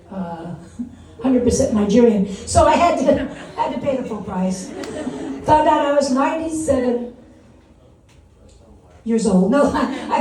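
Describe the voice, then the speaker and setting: A woman's voice: fairly high pitch, warm tone. An older woman in her sixties doing a rambling, self-mocking stand-up set, laughing at her own jokes. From Wisconsin. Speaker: stand-up comedian. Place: small comedy venue. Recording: echoey room from a distance.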